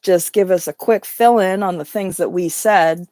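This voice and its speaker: A woman from Canada co-hosting a casual livestream chat, playful and quick to joke. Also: lowish voice, very noisy. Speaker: co-host.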